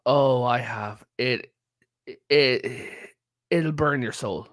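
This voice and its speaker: A man's voice: medium pitch, very slow, fairly bright tone, no echo. A man from Ireland, a guest in a casual history chat over a video call, telling stories with frequent "like" and "right?". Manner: storytelling, peppered with "like" and "right?".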